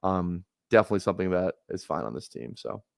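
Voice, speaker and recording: While drafting fantasy football on a live stream, a man rambles in a laid-back way, using filler words, laughing often and cursing now and then. He has a low, gravelly, animated voice and talks fast. The sound is clean studio quality with no echo.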